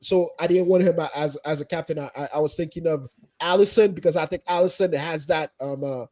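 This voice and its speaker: A man co-hosting a football fan debate, animated and repeating himself as he talks. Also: on the high side, fairly quick. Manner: animated, laughs while talking, repeats himself. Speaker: football podcast co-host.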